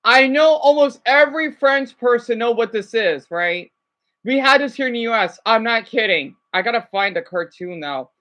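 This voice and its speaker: A woman live-streaming, chatting casually to her viewers in a rambling, excitable way, full of fillers. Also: a little high, moderate pace.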